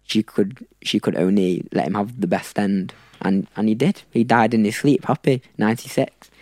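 A young man in his twenties speaking as a podcast guest in a slightly low voice. He talks casually, pausing and restarting his sentences often. The recording is dry and close. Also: no room sound. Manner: hesitant, frequent restarts, warm and informal. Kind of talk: casual chat.

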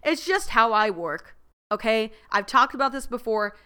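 A woman hosting a podcast, telling a story in a casual monologue, animated and laughing often, with lots of "like" fillers. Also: on the high side, moderate pace, clear, resonant tone. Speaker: podcast host.

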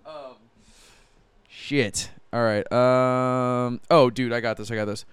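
A young man co-hosting a podcast, excitable and swearing as he teases his co-host. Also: medium pitch, slow, clear, resonant tone. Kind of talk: casual chat.

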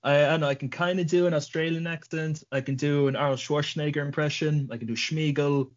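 A man's voice: fairly high pitch, steady tone, fairly quick, dull audio. A man hosting a casual podcast interview, loose and jokey, swearing freely. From Ireland. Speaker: podcast host.

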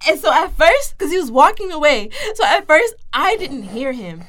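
A woman's voice: sits high, normal speed. A young woman co-hosting a casual podcast, telling a family story with lots of laughter and acted-out quotes. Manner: animated, acts out quoted voices, laughs often. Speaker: podcast co-host.

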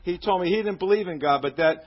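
A man preaching on the radio with a husky, slightly raised voice. He reads the letter with fervent, praising earnestness, and the sound is dull and lo-fi like an old broadcast. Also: high voice, fast. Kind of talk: sermon reading a listener's letter.

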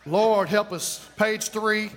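A man preaching a lively, storytelling sermon, out of breath, shouting at moments. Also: high-pitched, slow pace. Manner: storytelling, animated, breaks into shouts and laughs. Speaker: pastor. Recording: long hall reverb.

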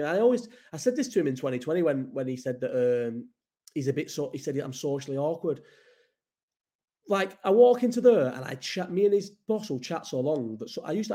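Bolton lad rambling on a live chat, swears a lot, middling pitch. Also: male voice, warm tone. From Bolton area, England.

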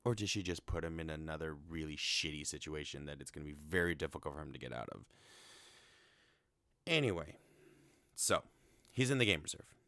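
A young man tells the story casually, with plenty of fillers and swearing. His voice is very deep and smooth. It is recorded close in a dry space. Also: animated, brisk, pauses often, bright, forceful tone, dry recording. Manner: chatty, swears often, many fillers. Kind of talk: casual film recap.

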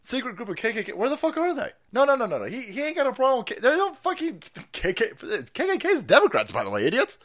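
A man's voice: very high-pitched, fast talker, few pauses. A man hosting a livestream, ranting with profanity and mockery. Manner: profane, mocking, animated. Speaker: stream host. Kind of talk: livestream rant commentary.

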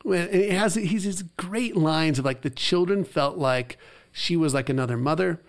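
A man co-hosting a faith podcast, casually retelling a story and acting out the quoted lines with lively emphasis. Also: a little high, normal speed. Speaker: podcast co-host. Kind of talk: casual chat.

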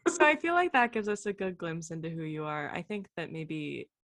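A woman's voice: lowish voice, very animated, moderate pace, a bit bright. A young woman co-hosting a podcast, playful and giggly, chatting casually with many fillers. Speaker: podcast co-host. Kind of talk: casual chat.

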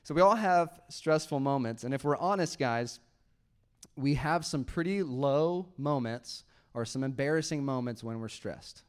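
His mid-range voice is animated, clean in tone, and a little slow. The thirty-something pastor preaches on a handheld mic in the church auditorium, speaking conversationally and joking with the people there.

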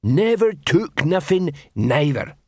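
A man reading an audiobook, voicing a sullen troll prisoner who growls his words very slowly. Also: a little high, big pitch swings, no echo, clean studio sound, pitched above the performer's own voice, full character voice. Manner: slow, growling, sulky mumble.

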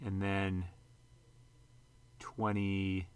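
A man's voice: deep voice, monotone, extremely slow, clean tone, no echo. A man hosting a casual vlog, rambling and conversational, throwing out rhetorical questions and the odd mild curse. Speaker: sports card channel host.

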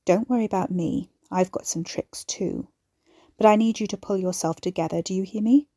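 A woman's voice: medium pitch, normal speed, dark tone, no echo, clean studio sound, natural voice. A woman voicing an older woman on the phone who speaks in a hard, cold, commanding way.

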